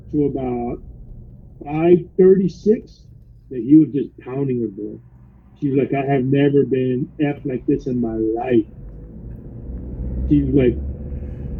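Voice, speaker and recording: The recording is muffled with a noisy background, carrying a medium-pitched male voice. He is a rideshare driver casually retelling a wild story in his car with lots of animation, quoting riders and repeating "bro" constantly.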